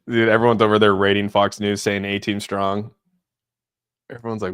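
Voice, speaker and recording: A man's voice: lowish voice, level tone, normal speed, a bit bright, clean tone. A young man hosting a live crypto stream, reacting to his chat with frequent laughter and lots of "dude". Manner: laughs often, says "dude" a lot, giddy and amused. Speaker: crypto livestream host.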